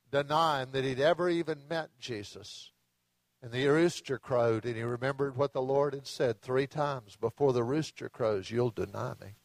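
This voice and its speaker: A man preaching a sermon in a conversational storytelling way, dropping to soft low tones for the dramatic moments. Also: dry recording. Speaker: pastor.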